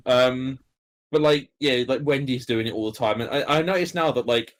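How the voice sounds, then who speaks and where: A man, a podcast co-host telling stories in casual chat, halting and full of fillers. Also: medium pitch. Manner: rambling, halting storyteller with many fillers.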